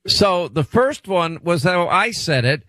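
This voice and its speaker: A man's voice: high-pitched, lively intonation, a little slow, sharp tone, dry recording. A middle-aged man with a New York accent hosting talk radio, bantering and insisting on his point. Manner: teasing, insistent, talks over his cohost. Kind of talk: casual on-air banter. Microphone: studio microphone.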